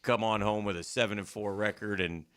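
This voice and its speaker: A man hosting sports talk in a radio studio. His voice is bright and forceful and sits slightly low, and he speaks in a loose, chatty way, often repeating words. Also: steady tone, a little fast.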